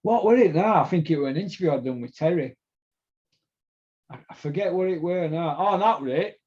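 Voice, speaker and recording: A man's voice: fairly high pitch, animated, a little fast, darkish tone. A middle-aged man from Doncaster with a South Yorkshire accent, rambling through sweary, laughing stories as a podcast host. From Doncaster, England. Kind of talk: casual storytelling chat. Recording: dull lo-fi sound.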